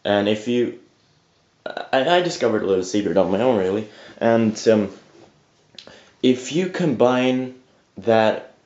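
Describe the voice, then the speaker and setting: This young man, a vocal tutor fresh out of bed by his own account, talks in a fairly low, darkish, expressive voice, unhurried and with frequent pauses. His casual harsh-singing tutorial wanders, full of fillers, restarts and some swearing. The sound is echoey, lo-fi home webcam audio.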